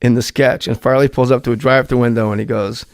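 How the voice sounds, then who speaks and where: A man's voice: mid-range voice, fast talker, dry recording, studio quality. A man telling comedy-writing stories as a podcast guest, acting out quotes, swearing and laughing often. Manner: excitable storyteller who acts out quotes, laughs and swears often. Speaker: guest, former comedy sketch writer. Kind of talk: animated anecdote telling in a podcast chat.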